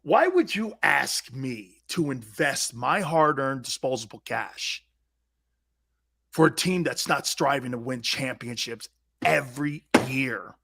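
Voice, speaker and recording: A male sports talk show host ranting loudly and mockingly, acting out angry fans in bits. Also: fairly high pitch, husky. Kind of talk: animated sports talk rant.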